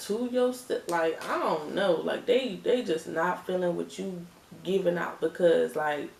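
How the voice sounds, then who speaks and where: A woman's voice: lowish voice, measured pace, creaky. A woman giving a casual tarot reading, chatty and emphatic, repeating her phrases and laughing often. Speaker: tarot reader. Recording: echoey room, distant mic.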